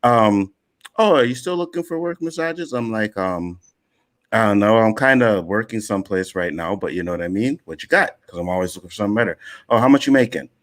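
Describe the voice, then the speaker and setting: On a casual panel show, a man from Nova Scotia, Canada, tells stories with animation, acting out other people's lines as he goes. His voice sits fairly low and moves a little fast.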